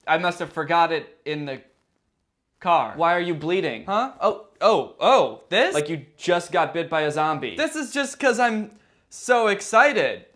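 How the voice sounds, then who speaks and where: A man's voice: fairly high pitch, sing-song, measured pace, fairly bright tone. A man voicing a pale, bleeding male zombie who eagerly pleads to play a game, in a comedy sketch. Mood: innocent. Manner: pleading, innocent, overexcited.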